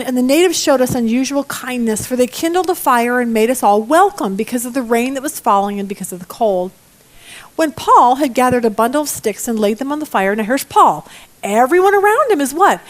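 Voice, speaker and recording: A middle-aged woman teaching a Bible study lesson in a lively, expressive way, with joking asides. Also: high voice.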